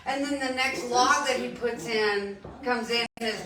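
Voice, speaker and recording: A woman bookstore owner telling an animated story at a live book event. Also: a little high, a little slow, crowd noise. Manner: animated retelling, laughs into quotes. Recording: echoey room, distant mic, faint noise.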